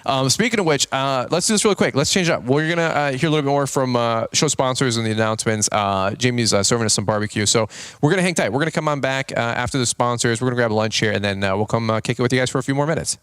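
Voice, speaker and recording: A man's voice: mid-range voice, very fast, hardly any pauses, fairly bright tone, smooth, no echo. A man hosting a podcast in casual chat, joking and laughing often, with lots of fillers and restarts. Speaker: podcast host.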